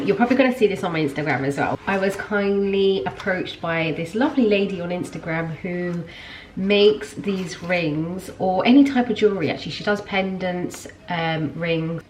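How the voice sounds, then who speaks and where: A young mum vlogger chats casually to camera at home, slipping into sing-song baby talk with her toddler. Her voice sits on the low side, with slight background noise.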